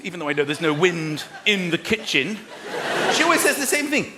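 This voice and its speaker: A man doing a stand-up comedy routine, animated, slipping into other voices and shouting punchlines. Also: sits high, a little fast, noisy background. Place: large venue with a live audience. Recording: echoey live hall with loud crowd laughter.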